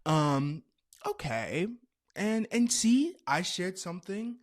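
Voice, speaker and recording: A man in his twenties hosting a podcast, telling stories in a loose, animated way with playful asides. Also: sits high, slow pace. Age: 20s. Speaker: podcast host. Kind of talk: casual chat.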